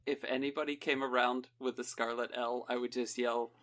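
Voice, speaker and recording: A man's voice: mid-range voice, flat delivery, moderate pace, fairly bright tone. A man with an Appalachian accent, co-hosting a podcast, casually making a joke. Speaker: podcast co-host. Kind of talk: casual chat.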